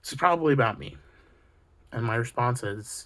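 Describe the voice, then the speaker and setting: A man's voice: medium pitch, lively intonation, normal speed, fairly bright tone. Male video creator, profane preachy rant, mid-range voice. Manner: heated, preachy, swears constantly. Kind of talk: profane ranting monologue.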